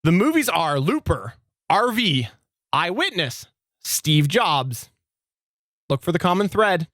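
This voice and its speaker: Playful male podcast quiz host, animated delivery, dry close sound. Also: high-pitched, slow, dry recording. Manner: playful, laughs often. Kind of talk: casual podcast game show.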